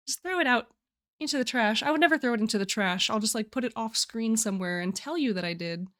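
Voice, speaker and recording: A woman's voice: a little high, animated, fast talker, a bit bright. A young woman streaming live, chatting casually and giggling often as she walks through her writing challenge. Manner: chatty, giggly, restarts phrases.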